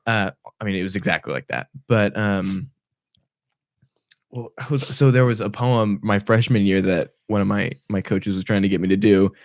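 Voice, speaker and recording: Low-voiced young man rambling on a podcast. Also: normal speed, creaky, no echo, studio quality. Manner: rambling, restarts often, lively pitch jumps. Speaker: podcast host. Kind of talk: casual chat.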